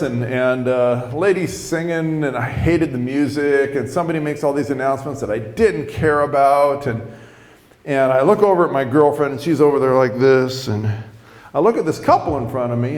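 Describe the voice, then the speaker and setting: Man telling a story, echoey hall. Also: mid-range voice. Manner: animated, acts out the people in his story. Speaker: preacher telling his testimony. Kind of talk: storytelling sermon.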